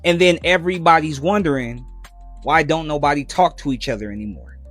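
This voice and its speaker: A man giving social commentary in a measured, explanatory way. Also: on the high side, a bit bright, faint music behind.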